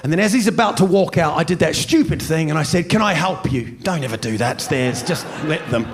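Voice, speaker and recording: A New Zealand man in his fifties doing a stand-up comedy set, telling stories in an animated way and shouting when he does impressions. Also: fairly high pitch, a little fast. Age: 50s. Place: large venue with a live audience. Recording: live stage recording with crowd and noise.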